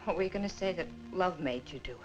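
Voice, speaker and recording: An actress in a 1950s film playing a bitter young woman who coldly accuses a man and rises to shouting. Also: on the low side, lively intonation, racing, muffled recording, lightly acted. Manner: cold, accusing, rising to shouting. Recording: old film soundtrack with music.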